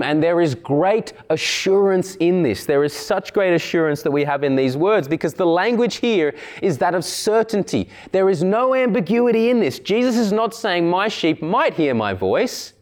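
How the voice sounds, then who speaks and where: Emphatic preacher, a man with a higher voice. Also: darkish tone. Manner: emphatic, repeats key phrases with rising and falling intensity. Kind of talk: sermon.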